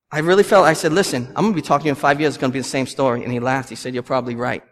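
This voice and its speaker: A man's voice: medium pitch, fairly even intonation, racing, few pauses. A man, preaching a sermon with passion and repeating lines for emphasis. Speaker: pastor. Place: church. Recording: long hall reverb.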